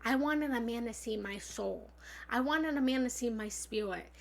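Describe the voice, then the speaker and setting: A woman giving a livestream self-help coaching talk as a spiritual love coach, blunt and emphatic, swinging from loud bursts to soft asides. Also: fairly high pitch, moderate pace, creaky. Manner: blunt, occasionally swears.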